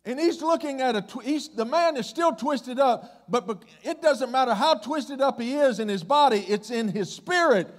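A man preaching a conversational sermon as pastor, swinging between loud excitement and hushed, low asides. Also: moderate pace, few pauses. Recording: long hall reverb.

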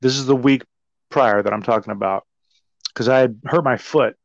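A man's voice: mid-range voice, moderate pace, gravelly, no echo. Guy rambling through a crazy story, swears a lot, says like constantly, dry kinda muffled audio. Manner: animated, profane, heavy use of "like". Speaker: guest. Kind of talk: casual storytelling. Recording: slightly dull, dry sound.

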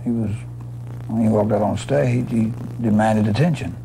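Gravelly, emphatic male musician. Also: on the low side, moderate pace, dark tone, a little hiss or hum, poor audio. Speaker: musician guest.

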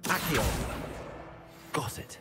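A man's voice: takes it slowly, close to an everyday voice. An actor voicing a young male wizard student in a video game, speaking matter-of-factly and calling out spells sharply. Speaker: player character. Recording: loud game music behind.

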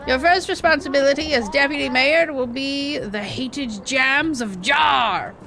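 A woman voicing a lazy, self-important male cat mayor with a low, grand, sleepy manner, reading game dialogue. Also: normal speed, fairly bright tone. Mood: pompous, drowsy.

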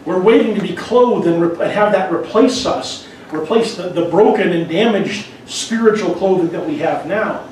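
A man's voice: sits high, normal speed, few pauses, darkish tone, a little hiss or hum. A man preaching a sermon in an earnest, conversational way, often restarting his phrases. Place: church sanctuary. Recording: very echoey hall, mic far off.

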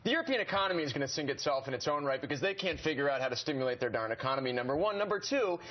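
A man on a news panel, animated and joking, with punchy delivery. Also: on the high side, rapid-fire, dull audio. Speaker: panel guest, market commentator. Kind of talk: cable news panel discussion.

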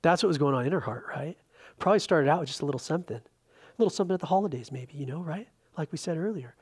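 A man pastor preaching a conversational Bible-study sermon, animated, with frequent restarts and filler words. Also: on the high side, very fast, husky. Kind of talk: expository sermon. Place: church sanctuary.

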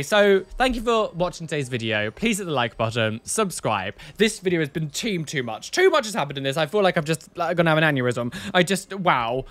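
Camp man, lively and bright. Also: a little high. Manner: camp, sassy, exclamatory. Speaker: body piercer and show host. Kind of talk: casual reaction commentary.

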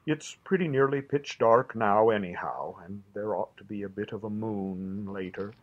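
A man's voice: on the low side, normal speed, muffled recording, natural voice. A man reading aloud and voicing a kindly, good-natured male water rat who talks soothingly and practically.

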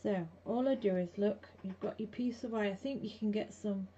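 A woman's voice: medium pitch, moderate pace, mellow. A chatty, blunt woman hosting a craft live stream from her home craft room, talking to viewers as she works. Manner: chatty, blunt, chats with viewers while working. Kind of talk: casual craft demo chat with viewers. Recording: dull lo-fi with faint background hiss.

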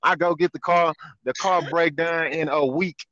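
A man telling a story in casual chat, animated and repeating his phrases, laughing as he goes. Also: a little high, moderate pace, no room sound. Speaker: guest. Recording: dull lo-fi sound, dry.

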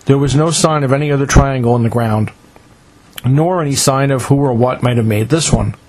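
A man reading a first-person adventure story in a measured, dramatic storytelling manner. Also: mid-range voice, darkish tone, low-quality recording. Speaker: narrator.

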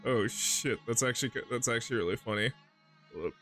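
A man's voice: medium pitch, fairly quick, a bit bright, soft background music. A man streaming a horror video game, rambling casually, swearing and laughing often. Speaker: gaming streamer. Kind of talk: casual gameplay commentary.

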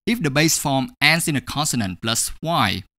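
Slow, deliberate male English teacher. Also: mid-range voice, lively intonation, pushed and bright, no echo, clean studio sound. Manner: slow, deliberate, repeats each example word twice. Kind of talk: grammar lesson.

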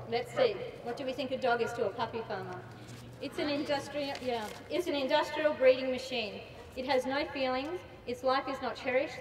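A woman's voice: high-pitched, slight background noise. An Australian woman giving an impassioned rally speech, emphatic and repeating phrases for effect. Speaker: rally speaker. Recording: echoey PA sound from far off, loud ambience.

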